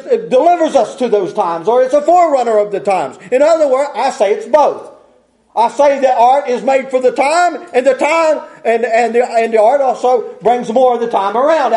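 High-voiced folksy preacher man. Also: a little mellow. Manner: folksy, rambling, with restarts and chuckles. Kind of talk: sermon.

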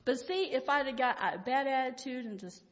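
With a high voice and a slightly quick pace, an older woman gives a casual Christian devotional, spinning rambling, homespun stories from her life with frequent chuckles. The recording is lo-fi and dull, made in a hall with lots of reverb.

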